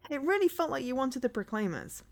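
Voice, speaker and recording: A woman's voice: high voice, sing-song, brisk. A woman streaming from home, chatting casually with her viewers, rambling, laughing often and humming bits of songs.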